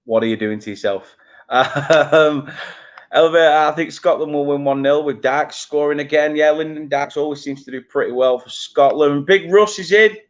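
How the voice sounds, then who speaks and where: A man's voice: on the high side, fairly even intonation, normal speed. A young man with a Burnley accent hosting a live football watchalong, chatting casually and poking fun at his own slip-ups. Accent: Burnley, Lancashire. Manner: casual, self-mocking, stumbles over names. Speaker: fan channel host. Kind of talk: live watchalong chat, reading chat comments.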